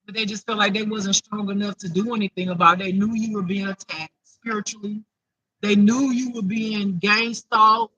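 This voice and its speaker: A man's voice: high voice, steady tone, normal speed, pushed and bright, no echo, lo-fi sound. A man giving an improvised spiritual reading to viewers, emotional and close to tears, repeating himself in a chatty way. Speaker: intuitive spiritual reader.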